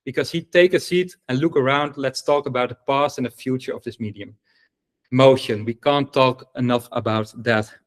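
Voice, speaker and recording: Male host, eager and chatty, mid-pitched voice, lots of ums while introducing speakers. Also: steady tone, normal speed. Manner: enthusiastic, filler-heavy, stumbles over names. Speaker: event host. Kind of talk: live online event introduction.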